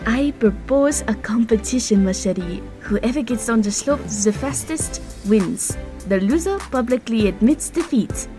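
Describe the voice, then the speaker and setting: A woman voicing a snobbish teenage girl who fakes a French accent, speaking in a slow, haughty drawl. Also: fairly high pitch, lively intonation, music in the background.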